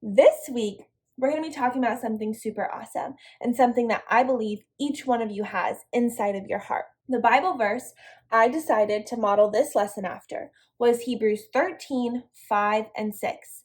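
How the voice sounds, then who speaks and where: A woman's voice: a little high, moderate pace, darkish tone. A young woman leading an online devotional lesson for a girls' youth group, upbeat and encouraging as she speaks straight to the girls.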